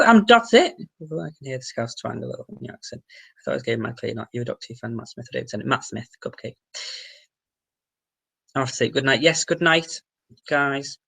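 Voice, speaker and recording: A man with a Merseyside accent hosts a relaxed livestream, reading his viewers' comments aloud and replying to each. He talks quickly, his voice has a gravelly fry, and he drops the odd swear. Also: medium pitch. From the Wirral, England. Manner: chatty, reads out viewer comments and answers them, swears casually. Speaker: livestream host.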